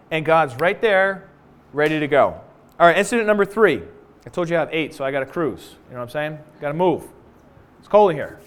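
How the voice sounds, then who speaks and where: High-voiced man preaching animatedly. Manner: animated, jokey, conversational. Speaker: pastor. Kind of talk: sermon. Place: indoor room with congregation.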